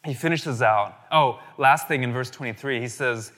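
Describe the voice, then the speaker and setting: A man's voice: medium pitch, moderate pace, pushed and bright, in a large hall. A man in his thirties preaching a sermon as pastor, telling stories in a casual, conversational way and often asking "right?". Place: church.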